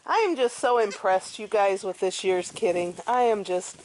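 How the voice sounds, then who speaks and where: A woman's voice: mid-range voice, moderate pace, a little mellow. A woman vlogging casually outdoors on her goat farm, chatty and affectionate as she talks into a handheld camera. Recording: noisy outdoor farm, with goats bleating.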